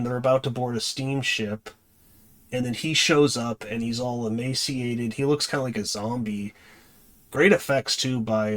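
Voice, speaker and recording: A man of middle pitch talks through a film's plot in loose, casual speech. He hesitates often, fills gaps with "um" and circles back to correct himself as he reviews the movie. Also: a bit bright. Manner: hesitant, many fillers and restarts. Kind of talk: casual spoken plot recap.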